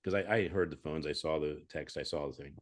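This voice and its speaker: A man who is a guest on an interview podcast over a video call, speaking earnestly and calmly while telling his own stories. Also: extremely low pitch, a little fast. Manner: earnest, anecdotal, self-assured. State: calm. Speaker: guest entrepreneur. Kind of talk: conversational interview.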